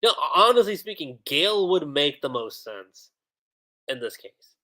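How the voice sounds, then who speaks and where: A man's voice: on the high side, very animated, moderate pace, pushed and bright. A man casually recapping an anime episode on a livestream, retelling scenes and quoting the characters as he goes. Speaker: anime reviewer.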